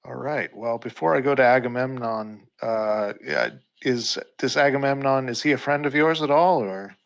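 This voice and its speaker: A man with a gravelly, creaky voice plays his character in a tabletop game. He talks casually and playfully, laughing often. The sound is a bit dull and lo-fi. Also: medium pitch, normal speed. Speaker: new player.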